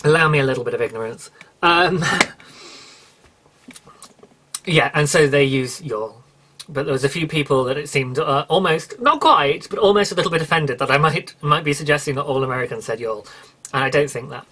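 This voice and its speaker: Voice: medium pitch, normal speed, pauses often, a bit bright. Rambling British podcast host. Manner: rambling, self-correcting, apologetic, chatty. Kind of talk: casual solo podcast chat.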